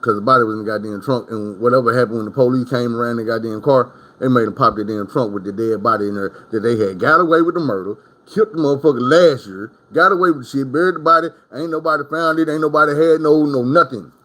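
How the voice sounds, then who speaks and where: A man's voice: mid-range voice, quick pace, fairly bright tone. A man from Arkansas, telling prison stories in a casual storytime monologue. His talk is profane and rambling, full of asides to the listener.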